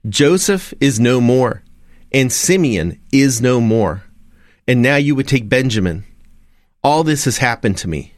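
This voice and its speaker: A man reading the lines of a grieving old father who refuses to let his youngest son go, in a slow, measured way. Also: medium pitch, lively intonation, no room sound, clean studio sound, natural voice.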